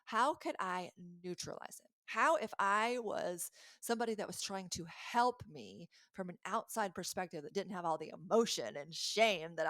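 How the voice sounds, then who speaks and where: A woman coaching listeners in an earnest, animated talk with a faith-based message, often stopping to correct herself. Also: medium pitch, no room sound, studio quality. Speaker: life coach.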